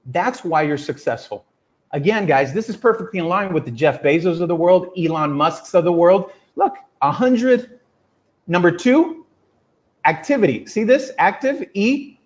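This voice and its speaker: A man giving an energetic, emphatic motivational talk to a group, telling stories and acting out quotes. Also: sits high, normal speed. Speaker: business coach. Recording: lo-fi muffled audio.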